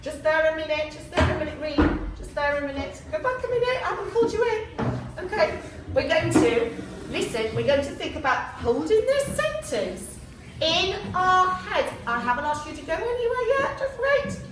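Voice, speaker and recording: A woman teaching a class of young children, lively and full of encouraging praise. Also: very high voice, moderate pace. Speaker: primary school teacher. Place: large classroom. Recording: echoey classroom from far off, noisy.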